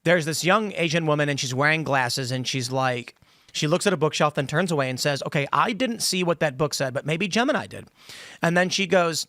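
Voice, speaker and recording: A man hosting a panel podcast in a studio, talking with opinionated, rambling explanations. His voice sits a little high for a man. The sound is close and dry. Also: a little fast, fairly bright tone, dry recording. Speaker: podcast host. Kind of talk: casual panel discussion. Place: studio table with other hosts.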